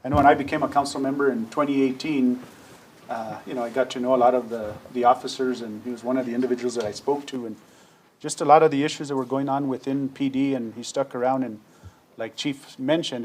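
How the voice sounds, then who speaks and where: A man on a city council making a sincere tribute speech, halting and full of filler words. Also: medium pitch, steady tone, a little mellow.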